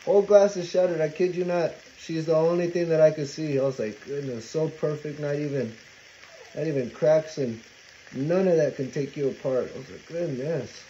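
Man, cooking vlog storyteller, animated, profane, Spanish phrases mixed in, somewhat high voice, faint sizzle behind. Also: moderate pace, muffled recording, a little hiss or hum. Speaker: cooking vlogger. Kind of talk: casual storytelling while cooking. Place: home kitchen. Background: frying and sizzling food.

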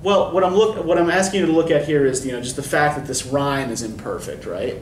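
A man's voice: fairly high pitch, brisk. Lecturing man, echoey classroom from afar. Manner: explanatory, often checks in with "right?". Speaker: college English instructor. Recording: echoey classroom from far off, faint noise.

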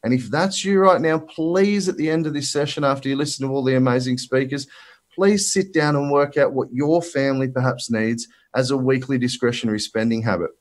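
A man's voice: medium pitch, fairly quick. An Australian man presenting as a finance broker at a virtual summit, talking bluntly and emphatically with colloquial asides, slightly out of breath. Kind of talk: energetic presentation talk. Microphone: presenter mic for a live virtual summit.

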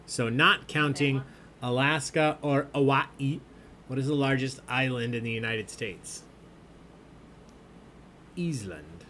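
A man's voice: mid-range voice, slow pace, long pauses, sharp tone, slight background noise. A man hosting an online trivia game, reading out questions and answers in a jokey, chatty way. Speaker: trivia host. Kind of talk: live-streamed trivia hosting.

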